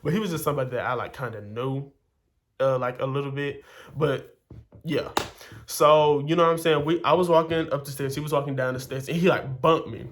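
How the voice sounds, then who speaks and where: A man's voice: a little high, brisk, background noise. Chatty young man telling a story. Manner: chatty, full of fillers, acts out quoted lines. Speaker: vlogger. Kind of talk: casual storytelling.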